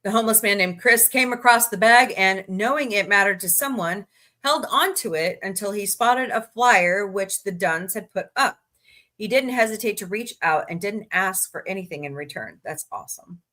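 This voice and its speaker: At normal speed, a woman's medium-pitched voice comes across pushed and bright as she hosts a relaxed livestream. She reads good-news stories with her own asides, chats with viewers, and yawns occasionally, clearly tired.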